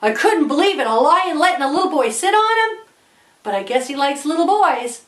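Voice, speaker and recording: A woman telling a children's story in an animated, dramatic way. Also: sits high, a little fast, echoey room. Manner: animated, dramatic, gasping with wonder. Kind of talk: storybook narration.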